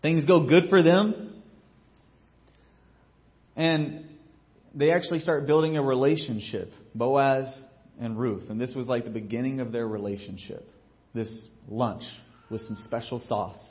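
A man preaching a sermon as pastor, telling a story in a casual, joking way and acting out what people say, getting loud and then dropping low. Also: a little slow, pauses often, dull audio. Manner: animated storytelling, acts out quotes with big swings in loudness.

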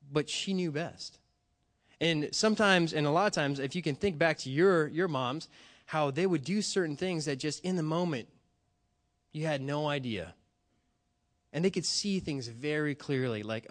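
A man preaching a sermon, earnest and halting with frequent restarts, telling a family story. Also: a little high. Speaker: pastor.

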